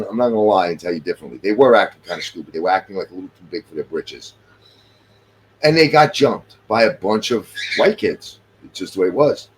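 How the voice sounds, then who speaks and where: Emphatic middle-aged man, lively pitch. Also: a little hiss or hum. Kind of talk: casual chat.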